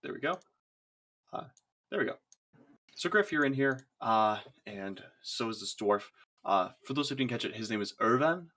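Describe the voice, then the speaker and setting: Relaxed male game master narrating a tabletop session, with an animated, swinging pitch. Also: moderate pace, long pauses. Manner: easygoing, laughs often, loose filler-heavy narration.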